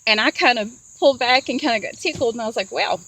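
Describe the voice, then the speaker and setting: A woman's voice: fairly high pitch, quick pace, bright, forceful tone, poor audio. A woman talking casually to her phone camera from inside a parked car, rambling through a story with many fillers and asides. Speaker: vlogger sharing dreams.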